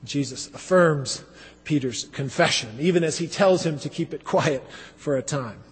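A man preaching a sermon, dramatic and expressive, acting out the voices he quotes. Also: fairly high pitch, moderate pace, husky. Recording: long hall reverb.

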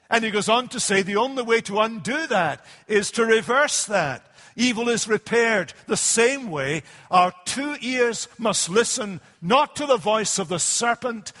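A male preacher delivering a sermon in a deliberate, emphatic way, slowing down to stress key phrases. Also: sits high, fairly bright tone, in a large hall.

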